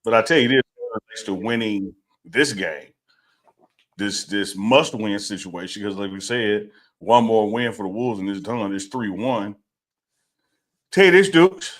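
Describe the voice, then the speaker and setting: A man co-hosting a live sports talk stream, animated and exclamatory. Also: on the low side, moderate pace. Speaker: co-host of a sports talk show.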